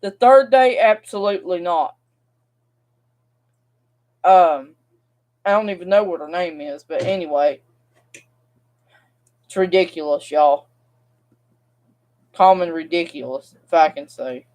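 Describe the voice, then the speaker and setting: A woman's voice: fairly low pitch, a little slow, pauses often, a little mellow. A young woman, vlogging and venting in a rambling, frustrated way straight to her viewers. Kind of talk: casual vlog rant.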